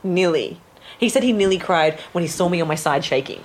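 Her voice fairly low and her pace fairly quick, a woman chats animatedly while recounting her birth story as an interview guest. In this casual conversation she loudly acts out other people's words, and there's a slight background noise.

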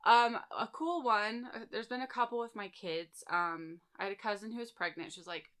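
A woman's voice: mid-range voice, moderate pace, a bit bright, clear, resonant tone. A woman in her thirties chatting casually with friends, telling personal stories full of fillers and "like". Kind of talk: casual storytelling chat.

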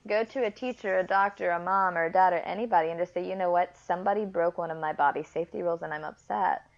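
A woman, a guest adoptive mother in a casual interview chat, talking frankly and telling animated stories. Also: on the low side, quick pace, creaky, dull audio. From Texas, US. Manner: frank, animated storytelling with laughs.

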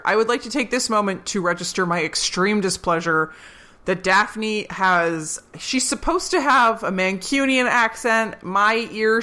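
Young woman co-host, bright voice, chatty with frequent laughs. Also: mid-range voice. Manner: chatty, laughs often, quick asides. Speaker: podcast co-host. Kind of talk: casual chat.

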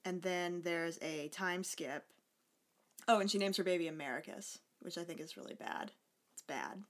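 A woman with a slightly low voice talks through a movie plot in easygoing podcast chat. She is chatty and sarcastic and drops casual swears as she goes. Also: normal speed. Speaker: podcast co-host.

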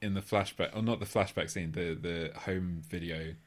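A man co-hosting a casual film talk, animated, with halting restarts. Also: low voice. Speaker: podcast co-host.

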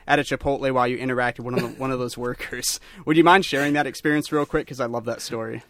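A man's voice: mid-range voice, steady tone, fast, a bit bright, no echo. A young adult man hosting a podcast interview, talking casually and laughing easily. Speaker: podcast host.

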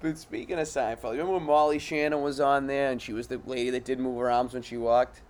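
A man's voice: mid-range voice, steady tone, fast talker, darkish tone, smooth. A man chatting casually as a podcast guest, laid-back, swearing a lot and mumbling. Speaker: musician guest.

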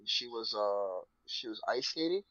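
A man in casual chat, animated and laughing often, breaking into high squealing imitations. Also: a little slow, dry recording, muffled recording.

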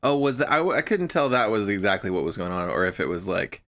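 A man co-hosting a comedy podcast, jumping quickly into the bits and laughing as he plays along. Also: lowish voice, very animated, fairly bright tone. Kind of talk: improvised comedy banter.

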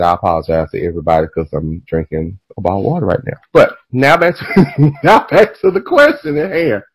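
A man hosting a podcast in casual chat, animated and profane, drifting into tangents and laughing as he talks. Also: mid-range voice, breathy edge, poor audio. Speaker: podcast host.

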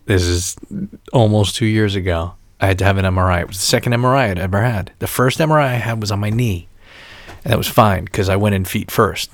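A middle-aged man telling stories in casual chat, profane and animated, ranting in exaggerated voices. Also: fairly low pitch, quick pace, no room sound.

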